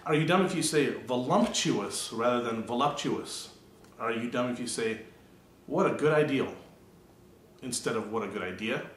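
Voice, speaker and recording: A man's voice: medium pitch, brisk, a bit bright, roomy sound, a little hiss or hum. A man vlogging a casual monologue, asking dry rhetorical questions.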